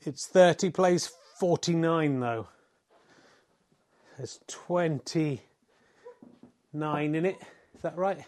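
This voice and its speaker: A man's voice: fairly high pitch, slow, long pauses, darkish tone. A middle-aged man giving wry, self-mocking mock sports commentary, swearing in mock exasperation at the play. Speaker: comedy snooker commentator.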